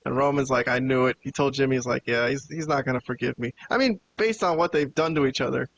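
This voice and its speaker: A podcast host casually recaps a wrestling show in a quick, gravelly, mid-range voice, animatedly acting out the quoted lines as he goes. The audio is dull, with slight background noise.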